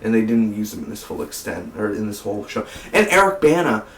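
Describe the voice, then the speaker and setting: A man's voice: on the low side, big pitch swings, fairly quick. A man giving a rambling, casual movie review for his vlog, full of fillers and repeated "man". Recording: roomy, distant from the mic.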